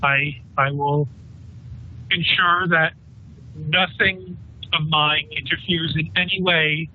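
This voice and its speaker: A man's voice: on the high side, steady tone, slow. A man voicing a nervous, fawning male hive governor who stammers and pleads, over a tinny voice-chat line. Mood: subdued.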